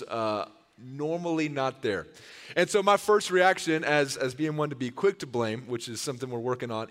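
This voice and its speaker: A man in his thirties preaching a sermon in a church sanctuary, earnest and quick to tell stories. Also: a little high. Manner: earnest and storytelling, given to animated retellings. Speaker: pastor. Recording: long reverb of a large hall.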